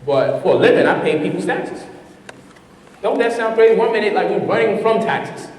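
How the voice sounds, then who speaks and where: A man teaching a live seminar to a room of people, lively and laughing, often putting questions to the audience. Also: high voice, normal speed. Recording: distant echoey hall, faint noise.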